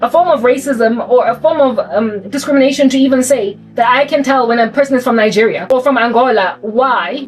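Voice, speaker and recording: A South African woman muses aloud in a loose, rambling vlog monologue, her voice sitting high. She sounds a little distant from the microphone, with faint music playing underneath. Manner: rambling, musing, thinks aloud. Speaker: vlogger. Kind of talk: casual monologue.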